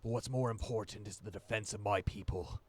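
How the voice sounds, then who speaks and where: A man acting as game master, voicing a grave, protective shape-changer chieftain in a tabletop game with a slow, solemn manner. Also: on the low side, fairly even intonation, husky. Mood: commanding.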